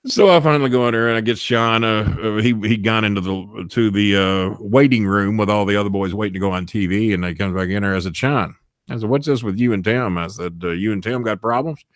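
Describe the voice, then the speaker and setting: A man's voice: fairly low pitch, a little fast, dry recording, clean studio sound. A man telling a profane backstage story in casual chat, acting out the people he quotes in shifting voices. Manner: acts out quotes in shifting voices, swears often. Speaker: storyteller guest.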